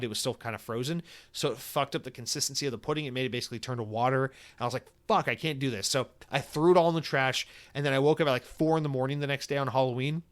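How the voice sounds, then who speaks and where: A young man hosting a solo podcast, telling a story in a profane, excitable rant with sudden loud outbursts. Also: mid-range voice. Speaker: podcast host.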